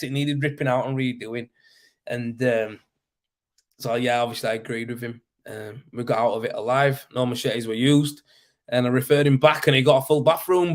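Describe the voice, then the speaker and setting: A man in casual live-stream chat, a plasterer spinning yarns about old jobs. He talks loosely, breaking into laughs, with swearing slipped in. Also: mid-range voice. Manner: chatty storyteller, laughs often, swears casually.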